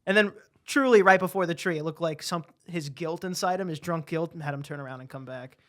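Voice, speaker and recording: A man's voice: on the high side, fairly quick. A man co-hosting a podcast, telling stories in casual chat and often stumbling over and repeating his words. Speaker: podcast co-host.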